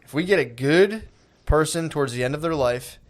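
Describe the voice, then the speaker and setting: A man's voice: a little high, animated, a little fast. Sarcastic dude-saying man. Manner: sarcastic, says dude a lot, mock earnest. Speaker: podcast co-host. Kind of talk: casual comedy podcast banter.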